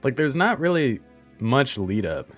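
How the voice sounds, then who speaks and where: A man's voice: medium pitch, sing-song, unhurried, husky, faint music behind. Man chatting casually over gameplay. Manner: chatty, joking asides to viewers. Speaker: streamer. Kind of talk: casual live gameplay commentary.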